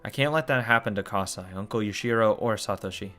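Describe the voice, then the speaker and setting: A man's voice: on the low side, fast, fairly bright tone, soft background music. A man reading a visual novel aloud as a let's play host, breaking off into shocked cursing and groans. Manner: shocked cursing and groaning between read lines.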